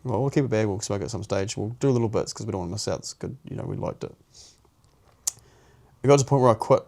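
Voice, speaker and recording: A man's voice: fairly low pitch, fast talker, dark tone. A young man with a New Zealand accent, co-hosting a podcast and telling a personal story in slangy, sweary, casual chat, often restarting his sentences. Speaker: podcast co-host.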